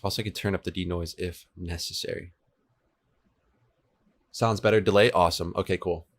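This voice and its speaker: Speaking at a normal speed, this man keeps a low pitch and a steady tone. He's a twenty-something streamer coding a game server, easygoing and chatty with his viewers' chat. He sits in a home room with the air conditioner running, using two desk microphones in turn.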